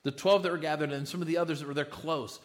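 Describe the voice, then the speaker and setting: Male pastor, slightly higher voice, emphatic sermon delivery with stumbling restarts. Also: fairly even intonation, fast talker. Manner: emphatic, repeats words when starting phrases.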